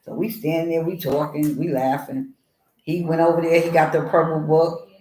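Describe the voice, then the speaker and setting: Animated woman telling her story, roomy sound. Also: low-pitched, normal speed, slight background noise. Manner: expressive, acts out voices in her story. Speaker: author guest.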